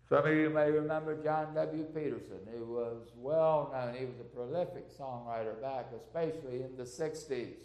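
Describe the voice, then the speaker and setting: An older man preaching a sermon to a congregation, earnest and unhurried, working through numbered points and asking the listeners questions. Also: mid-range voice, fairly even intonation, a little mellow, reverberant.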